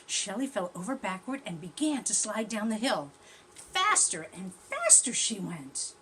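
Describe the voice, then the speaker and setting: Lively woman teacher reading to children. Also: medium pitch, normal speed, slight background noise. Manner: gentle, questioning, chatty with young listeners. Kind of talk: reading a story aloud to children.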